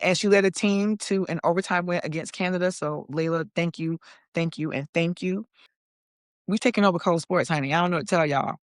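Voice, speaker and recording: This is a woman in her forties with a lowish voice, captured dry and at studio quality. She hosts a talk show podcast, trading casual opinions with sass, chatting away and peppering it with "okay" and "honey" for her listeners.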